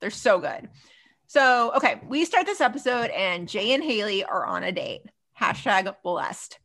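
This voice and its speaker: This is a woman with a somewhat high-pitched voice co-hosting a casual podcast. She recaps TV episodes in an animated, laughing way, full of fillers like "like.". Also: normal speed. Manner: animated, laughing, lots of "like" and "so funny". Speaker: podcast co-host.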